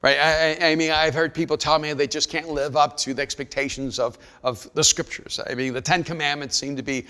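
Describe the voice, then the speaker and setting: A man's voice: fairly high pitch, flat delivery, brisk, few pauses. Preaching man in a reverberant hall. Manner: builds from soft storytelling to raised emphatic preaching. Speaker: pastor. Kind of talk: sermon.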